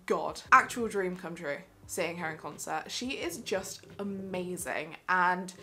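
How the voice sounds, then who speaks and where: A young woman with a lowish, animated voice speaks at a slow pace with a sharp tone. She's a theatre vlogger, chatting enthusiastically in a casual vlog about the shows she has seen.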